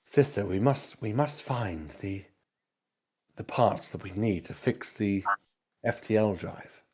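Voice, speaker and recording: Guy voicing an alien engineer, earnest, pushing to move on, lowish. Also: lively intonation, slow pace, darkish tone, a little hiss or hum. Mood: urgent. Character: urgent air-race engineer sibling.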